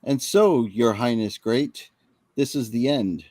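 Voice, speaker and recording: A man's voice: medium pitch, takes it slowly, darkish tone, no room sound. A man reading a roguish male space smuggler in Shakespearean-style verse. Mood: resolute.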